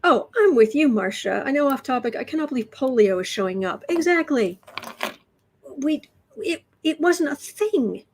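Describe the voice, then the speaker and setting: A tarot reader hosts a relaxed livestream indoors, her high, animated, slightly mellow voice moving at normal speed on a low-quality recording. She chats loosely, repeats words, restarts frequently, and reads viewer comments aloud.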